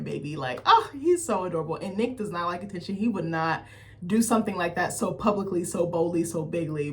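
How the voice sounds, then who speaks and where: A young adult woman telling a rambling, animated story straight to her camera, full of "like" and quoted asides. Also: mid-range voice. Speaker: vlogger. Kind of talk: casual chat to camera.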